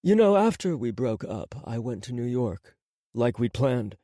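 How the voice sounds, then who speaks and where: A smooth, accentless spy, cool and fatalistic, speaking slowly with quiet certainty, as a male narrator puts him on. Each line lands in a dry, close-miked audiobook sound. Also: mid-range voice, no echo. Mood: cool, wistful. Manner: calm, fatalistic. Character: cool, seductive man, a former lover turned spy.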